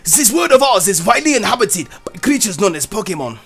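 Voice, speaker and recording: A man's voice: a little high, huge pitch swings, racing, gravelly, a little mellow, faint music behind, pitched below the performer's own voice, full character voice. A man putting on Professor Sycamore, grandly foreign. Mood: grandly welcoming. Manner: mock foreign accent, theatrical reading. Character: flamboyant male Pokémon professor, cheerful.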